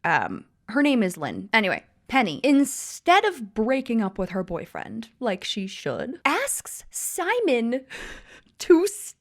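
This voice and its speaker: A woman's voice: mid-range voice, very animated, unhurried, hardly any pauses. A woman giving irreverent, sarcastic commentary recapping a TV drama. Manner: sarcastic, laughing.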